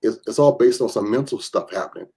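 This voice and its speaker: A man's voice: fairly low pitch, fast, husky. A man, a reverend and gun rights advocate, telling stories as a podcast guest and acting out the people he quotes. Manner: animated storyteller who acts out quoted voices. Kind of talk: storytelling in a podcast interview.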